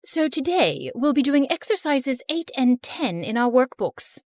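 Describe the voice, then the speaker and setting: A woman's voice: sits high, sing-song, unhurried, darkish tone, no room sound, clean studio sound. A woman voicing a stern adult female schoolteacher who gives curt orders in a storybook cartoon.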